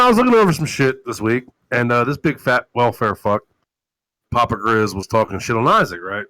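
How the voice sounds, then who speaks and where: Brief: male call-in show host, lively swinging pitch, bright edge, foul-mouthed ranting, dry close mic. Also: vocal fry, dry recording, rough recording. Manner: loud, animated, swearing, mocking impressions. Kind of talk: profane casual rant on a call-in show.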